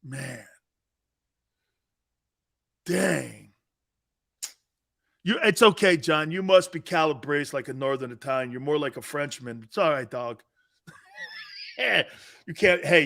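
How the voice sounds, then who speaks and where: A man's voice: on the high side, measured pace, creaky, long pauses. A man in his fifties hosting a casual sports live stream, bantering and reading viewer chat aloud. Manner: animated, bantering, often laughing. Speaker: sports show host.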